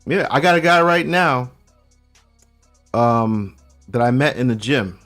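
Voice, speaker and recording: A man's voice: medium pitch, expressive, unhurried, fairly bright tone, soft background music. A middle-aged man from Brooklyn, telling stories as a guest on a casual podcast. He talks in street slang and restarts his sentences a lot. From Brooklyn, New York. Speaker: guest checking in from abroad.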